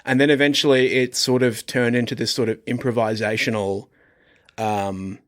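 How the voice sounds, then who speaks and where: A man's voice: mid-range voice, steady tone, normal speed. Rambling man telling stories. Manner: rambling, self-interrupting storyteller. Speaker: actor, podcast guest. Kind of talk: casual anecdote-telling.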